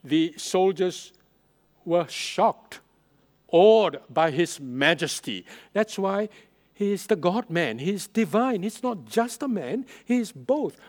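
A male pastor preaching a sermon, stressing and repeating key phrases, his loudness rising and falling for emphasis. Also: high voice, expressive, slow pace.

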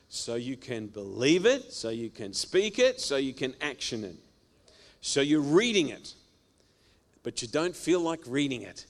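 Man preaching with sweeping loud-soft swings. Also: on the high side, very animated, unhurried. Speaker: pastor. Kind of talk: sermon.

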